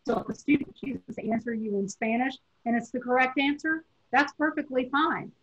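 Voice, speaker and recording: A woman from Tennessee with a Southern accent, lecturing teachers in a webinar in a measured, explanatory way with a slightly husky voice. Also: high-pitched, fairly bright tone. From Tennessee, USA. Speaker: teacher educator. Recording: dull lo-fi webinar audio.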